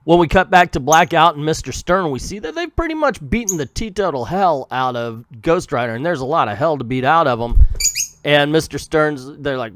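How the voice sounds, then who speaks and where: A man's voice: fairly high pitch, lively intonation, moderate pace, a bit bright, no room sound. A man who reviews comic books, retelling a story in a casual recap with joking asides.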